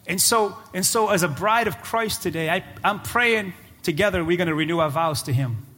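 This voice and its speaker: A man preaching as pastor, moving between shouted, rising climaxes and quieter prayer passages. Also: high voice, normal speed. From Cape Verde. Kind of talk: sermon. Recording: live church hall with music and congregation.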